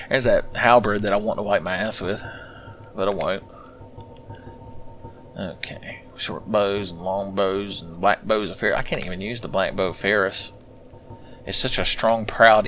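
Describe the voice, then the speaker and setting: Sarcastic, low-voiced gaming commentator. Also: male voice, a bit bright, slight background noise. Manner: sarcastic, profane, rambling asides. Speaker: gameplay commentator. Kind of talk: let's play commentary.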